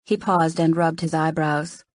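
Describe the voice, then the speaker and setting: A woman narrating a first-person romance novel in a soft, intimate reading. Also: low-pitched, little pitch movement, a little slow, dry recording. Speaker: audiobook narrator.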